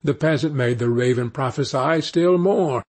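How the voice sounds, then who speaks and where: A man narrating a fairy tale as an audiobook reader, with a measured, deliberate reading. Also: medium pitch, a little mellow.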